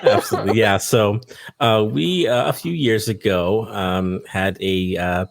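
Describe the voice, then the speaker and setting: A man on a podcast telling a memory haltingly, with many "uh"s. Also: lowish voice, gravelly. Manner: hesitant, many "uh"s. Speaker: team member. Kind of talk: casual podcast chat.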